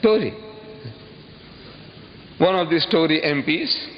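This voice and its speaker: A man with a fairly high, very lively voice lectures with great emphasis, jumping up in sudden high bursts. He throws rhetorical questions at the crowd. The old recording is dull, with a long hall echo and a faint hiss. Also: moderate pace. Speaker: public lecturer. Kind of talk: impassioned public lecture.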